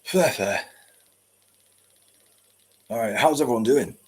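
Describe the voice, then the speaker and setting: A man's voice: medium pitch, slow, husky. A man hosting a live stream, chatting and answering viewer comments with dry jokes. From United Kingdom. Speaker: host.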